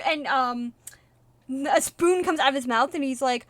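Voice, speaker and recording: A woman streaming a video game, chatting casually and retelling things in a rambling, animated way with fillers and swearing. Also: high voice, moderate pace, slight background noise. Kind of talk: casual live-stream chatter while gaming.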